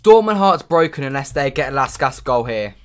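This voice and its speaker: A young man commentating live on a football match for his stream, muttering between plays and shouting when his team scores. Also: mid-range voice, brisk, clear, resonant tone. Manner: excitable, swings from muttering to shouting at goals.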